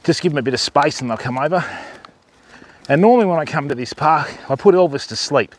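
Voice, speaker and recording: Lively man coaxing animals. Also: fairly high pitch, fast talker, slight background noise. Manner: coaxing animals in a sing-song voice. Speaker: livestream host at a wildlife park. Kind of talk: casual outdoor livestream chat. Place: outdoors at a wildlife park.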